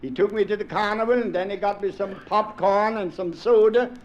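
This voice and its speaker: A woman's voice: mid-range voice, fairly quick, a little mellow, lo-fi sound, close to an everyday voice. A man voicing a cheeky young daughter telling her mother about a date, chattering on with a Pennsylvania Dutch accent. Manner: chattering run-on storytelling.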